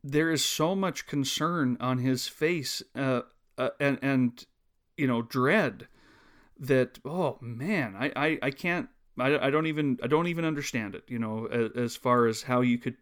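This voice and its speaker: A man co-hosting a casual film discussion, earnest and halting, restarting his sentences often. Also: medium pitch, clear, resonant tone. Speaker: podcast co-host.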